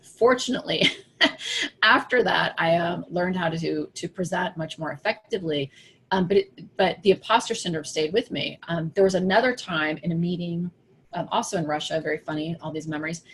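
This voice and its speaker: Middle-aged woman coach, lively storyteller, slightly low voice, faint hiss behind. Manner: animated storytelling, acting out her own thoughts. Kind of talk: casual talk to an audience.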